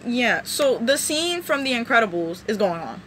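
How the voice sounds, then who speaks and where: Bright, high-voiced woman rambling a show recap. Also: normal speed, slight background noise. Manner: rambling, animated storytelling. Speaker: vlogger.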